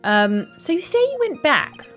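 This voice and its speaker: A woman's voice: sits high, huge pitch swings, unhurried, a bit bright, soft background music, voice pushed up, full character voice. A woman voicing a confident young female lawyer, pressing questions in a raised voice.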